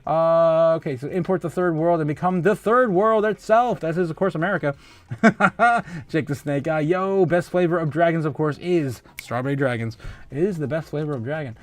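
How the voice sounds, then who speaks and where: This is a crypto livestream host, a man whose voice sits a little high, speaking at normal speed. He reads viewer comments casually, laughing frequently and tripping over restarts and filler sounds.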